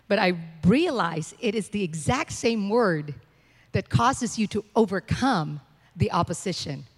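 A woman's voice: fairly low pitch, normal speed. A woman pastor preaching a sermon to her congregation, emphatic and declaring, repeating phrases for weight. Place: church sanctuary. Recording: long reverb of a church hall.

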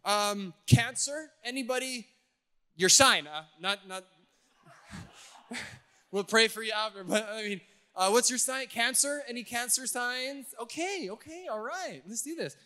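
A man's voice: very high-pitched, expressive, measured pace, bright, forceful tone. A male pastor giving a playful sermon, teasing his audience before reading scripture. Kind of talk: playful sermon to a youth crowd.

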